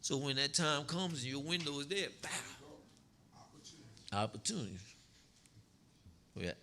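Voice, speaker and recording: A man teaches scripture to his congregation in an easygoing, colloquial way and laughs often. His voice is bright and lively, and his pitch swings widely, sitting a little above the average man's. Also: a little slow, a little hiss or hum.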